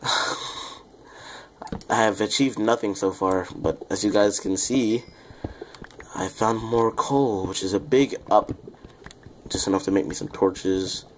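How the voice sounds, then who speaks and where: A young man rambling through casual game commentary, self-deprecating and chatty with viewers, with a quiet voice that sounds off the mic. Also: fairly low pitch, slight background noise. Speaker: gaming YouTuber. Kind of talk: casual Let's Play commentary.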